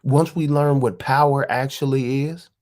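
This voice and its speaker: A woman's voice: rumbling low, steady tone, a little slow, darkish tone. A woman hosting a live stream, talking casually and firing off profane rhetorical questions.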